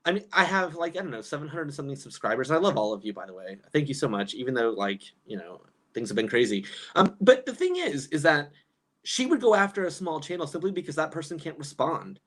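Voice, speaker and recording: A young man talks through a casual livestream, reacting to viewer comments as they come in. His pitch moves a lot, and his speech is loose and chatty, full of fillers and false starts. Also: fast talker. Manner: chatty, animated, lots of fillers and restarts. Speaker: YouTube commentary host.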